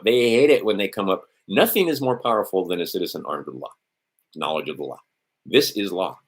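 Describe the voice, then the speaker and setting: A man's voice: sits low, fairly bright tone, husky. A middle-aged man talking casually while scrolling through a document on screen, rambling with sardonic, profane asides. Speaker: host of a legal maxims stream. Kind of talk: casual screen-share talk.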